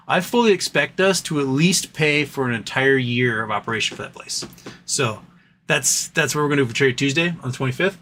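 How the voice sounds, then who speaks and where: A man running a livestream at his home office rants in frustration, swearing and frequently tripping over himself to restart. The recording carries slight hiss or hum behind his mid-range, fairly bright voice.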